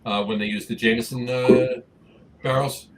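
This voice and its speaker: A man's voice: mid-range voice, fairly even intonation, normal speed, heavy background noise. Rambling male podcast co-host. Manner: rambling, many restarts and fillers. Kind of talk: casual chat about craft beer.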